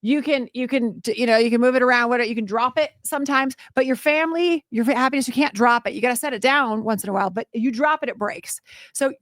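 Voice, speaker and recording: A woman co-hosting a radio show in casual banter, animated and chatty, laughing often. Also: on the high side, fast, no room sound, studio quality.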